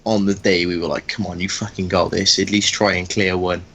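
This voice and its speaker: Brief: young man, very low voice, sweary anecdote-teller, faint hiss behind. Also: flat delivery, a little fast, a bit bright. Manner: profane storytelling banter. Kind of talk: casual chat while gaming.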